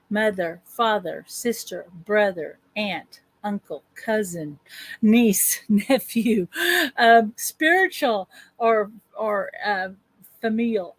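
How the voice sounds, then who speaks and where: A woman life coach leading a guided affirmation session on a group call, speaking slow, drawn-out affirmations with repeated phrases. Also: mid-range voice, no room sound.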